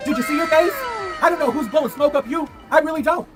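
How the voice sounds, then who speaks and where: A woman's voice: high-pitched, fast, over music. A woman on a commentary stream delivering a repetitive, theatrical rant full of insults. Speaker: guest commentator. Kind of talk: heated rant.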